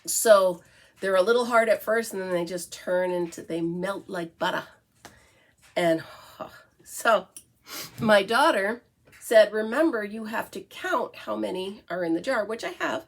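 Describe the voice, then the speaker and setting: A woman's voice: mid-range voice, measured pace. A middle-aged woman from the United States hosting a casual morning coffee chat, chatty and breaking into baby talk with her dog. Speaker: vlog host.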